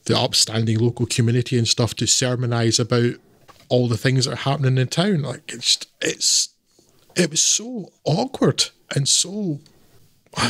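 Male podcast reviewer, mid-pitch, blunt and scathing, dry close sound. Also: a bit bright, breathy edge, dry recording. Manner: blunt and scathing, laughs often. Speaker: podcast co-host, film reviewer. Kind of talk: casual podcast film review.

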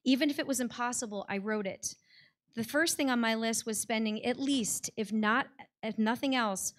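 A woman's voice: on the high side, normal speed. An American woman telling a personal story on stage before a live audience, in a heartfelt conversational way with many "like" fillers.

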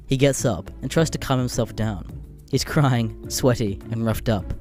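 A man narrating comedic internet stories with crude, deadpan asides, a little under the weather. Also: mid-range voice, unhurried, faint music behind. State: a bit sick.

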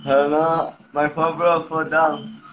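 A male caller talking slowly and distractedly, repeating himself over muffled phone audio with music behind. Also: on the high side, level tone. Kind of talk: casual live video chat.

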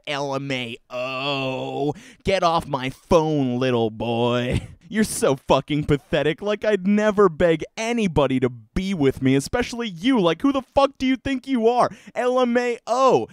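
A man's voice: on the high side, clear, resonant tone, dry recording, lightly acted. A man voicing a clingy young woman who swings between whiny begging and spiteful mockery. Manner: whiny pleading, then mocking and bitter.

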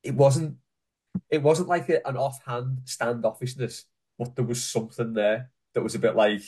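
A chatty man hosting a football fan podcast, talking at an ordinary middle pitch. He trades stories with his co-hosts in easy casual chat. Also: fairly even intonation, moderate pace, a little mellow, husky. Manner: chatty, hands the floor to the others. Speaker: podcast host.

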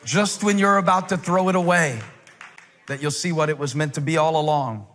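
A man in his forties preaching a sermon as a pastor, telling stories with humor and building up to shouted climaxes. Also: a little high, moderate pace, long reverb tail, slight background noise. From United States. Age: 40s.

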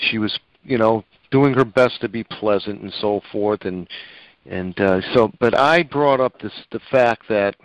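A man's voice: fairly low pitch, measured pace, dry recording. Emotional man preaching on a lo-fi line. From Italian heritage. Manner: emotional, preaching, many fillers. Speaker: co-host. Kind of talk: religious talk show. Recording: dull lo-fi dry sound.

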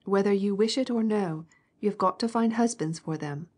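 A woman's voice: medium pitch, moderate pace, husky, natural voice. A woman reading the part of a stern, outspoken fifty-year-old woman in an audiobook, blunt and scolding. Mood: brusque. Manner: scolding, outspoken, mock-gentle teasing.

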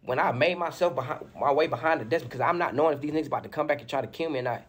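Husky young man telling a wild story. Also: a little high, very fast. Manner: animated, slangy retelling with many fillers. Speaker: storyteller in a played interview clip. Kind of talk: casual storytelling.

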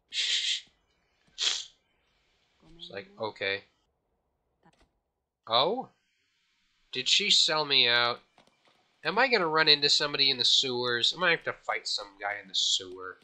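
A man giving casual, jokey let's-play commentary at home, self-mocking, slightly out of breath, with sudden high yelps. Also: expressive, takes it slowly, long pauses, bright, forceful tone. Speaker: gaming channel host.

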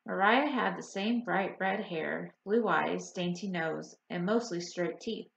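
Low, gravelly woman narrating a novel. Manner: measured storytelling. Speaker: audiobook narrator. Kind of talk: scripted narration. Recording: roomy, slightly dull audiobook recording.

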